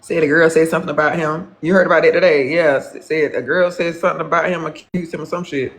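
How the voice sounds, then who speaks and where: Man, higher-pitched voice, live-stream gossip, profane, rambling, repeats himself. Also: steady tone, fast, fairly bright tone. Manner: gossipy, calls viewers honey. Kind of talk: casual live-stream chat.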